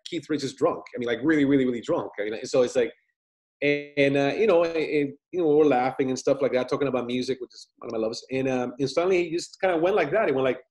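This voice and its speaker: Fast-talking animated man telling stories. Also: mid-range voice. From Italian family, lives in United States. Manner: rambling, animated, acts out quotes. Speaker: filmmaker guest. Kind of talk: casual interview storytelling.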